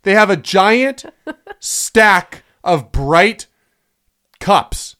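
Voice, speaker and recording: Animated, sarcastic male podcast host. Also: high-pitched, extremely slow. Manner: animated storyteller, sarcastic, swears freely. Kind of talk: casual comedic chat.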